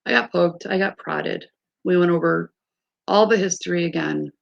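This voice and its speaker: A woman's voice: on the low side, moderate pace, gravelly, lo-fi sound. A woman in her fifties talking casually to her audience, telling exasperated stories in a chatty way. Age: 50s. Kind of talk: casual chat to a live audience.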